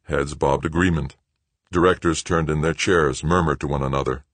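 Male audiobook narrator, deep and husky, dry close read. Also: fairly even intonation, moderate pace, a bit bright, no room sound. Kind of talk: scripted narration.

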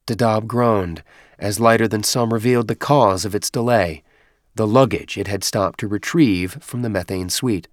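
A man reading a science fiction novel aloud in steady, measured audiobook narration. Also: lowish voice, dry recording, clean studio sound. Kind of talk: scripted narration.

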